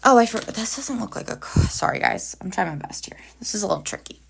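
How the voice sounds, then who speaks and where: A woman's voice: mid-range voice, lively intonation, fast, vocal fry, a little hiss or hum. A woman hosting a live planner session, chatting casually and cheerfully with viewers while she draws. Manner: chatty, upbeat, talks to viewers while working. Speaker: planner livestream host.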